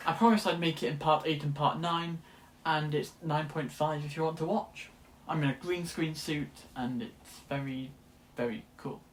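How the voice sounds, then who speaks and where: A man's voice: fairly high pitch, steady tone, moderate pace. A young man, chatting casually to camera as a student vlogger, rambling and correcting himself as he goes. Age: late teens. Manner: chatty, rambling, often restarts and self-corrects. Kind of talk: casual vlog chat.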